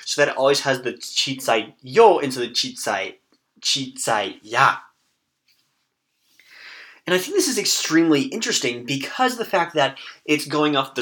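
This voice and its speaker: Bright-voiced chatty male podcast host. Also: mid-range voice. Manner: chatty, self-amused, with frequent "um" fillers. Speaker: podcast host teaching Japanese. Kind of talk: casual spoken lesson.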